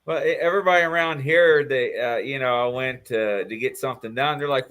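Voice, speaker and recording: A man with a New York accent, co-hosting a casual livestream chat and telling animated stories. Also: mid-range voice, normal speed. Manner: animated storytelling, mimics voices in quotes. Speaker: livestream co-host.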